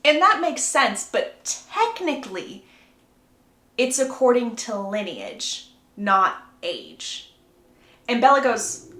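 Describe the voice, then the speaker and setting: A young woman casually retelling a book plot, chatty and acting out the characters' lines in quick voices. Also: on the high side, big pitch swings, a bit bright, reverberant. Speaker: book recap creator.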